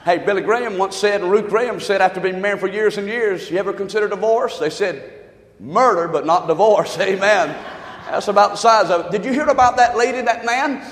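A middle-aged male pastor preaching a sermon in a church, impassioned, swinging between shouts and low asides and jokes. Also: fairly quick. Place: church sanctuary. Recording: echoey church hall.

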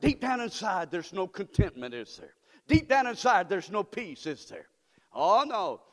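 A man's voice: sits high, big pitch swings, measured pace, a bit bright. A man preaching a sermon as pastor, fervent and repetitive, drawing call-and-response from the congregation. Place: church sanctuary. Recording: long church hall reverb.

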